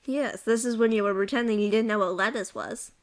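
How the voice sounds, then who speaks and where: A high-voiced woman with an American accent trades casual banter as a co-host. She laughs easily and swears freely, pushing back playfully whenever she's teased. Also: fairly even intonation, a little fast.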